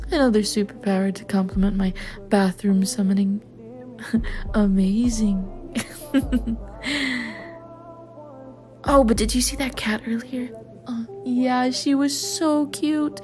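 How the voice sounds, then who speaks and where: A young woman acting out a caring partner in an audio role-play, talking gently and reassuringly with light teasing. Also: on the high side.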